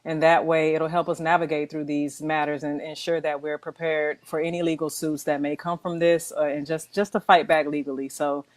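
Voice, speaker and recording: A woman appearing as a guest audio expert, speaking in a measured way with frequent pauses. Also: deep voice, level tone, no room sound. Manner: measured, with hesitations and fillers. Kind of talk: interview.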